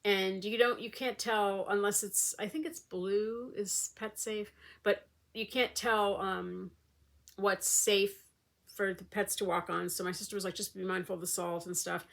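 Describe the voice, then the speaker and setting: Brief: rambling, chatty woman vlogger, mid-pitched, with a lot of vocal fry. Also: steady tone, unhurried, a bit bright. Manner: rambling, chatty, many fillers. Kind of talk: casual chat.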